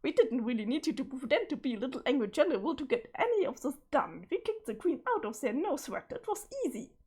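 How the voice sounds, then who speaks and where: A woman's voice: high voice, sing-song, fast, a little mellow, breathy edge, heavily acted. A woman voicing a boastful, smug teenage troll girl while reading a webcomic aloud, bragging and mocking.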